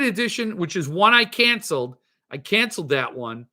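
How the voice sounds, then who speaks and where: A man's voice: high voice, big pitch swings, normal speed, bright, forceful tone. A middle-aged man hosting a casual solo podcast, reading out chat comments and ranting in exasperation. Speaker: podcast host.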